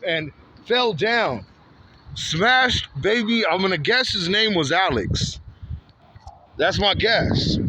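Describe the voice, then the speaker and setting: A man's voice: high voice, bright, forceful tone, a little hiss or hum. A man from Santa Ana, California telling a story outdoors in a rambling, repetitive and heated way, often ending lines with "man" or "bro". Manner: frequent "man" and "bro" tags. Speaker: vlogger. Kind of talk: walking vlog storytelling. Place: outdoors on a street.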